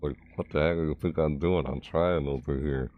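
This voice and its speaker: A man's voice: extremely low pitch, steady tone, a little fast, narrow, tinny audio, a little hiss or hum. A man chatting casually on a live stream, rambling, reading chat messages aloud and chuckling.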